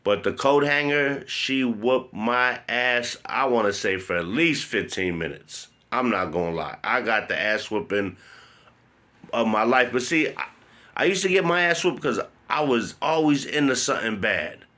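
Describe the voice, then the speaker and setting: A man telling a personal story in a blunt, profane, animated way. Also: medium pitch, unhurried. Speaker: vlogger.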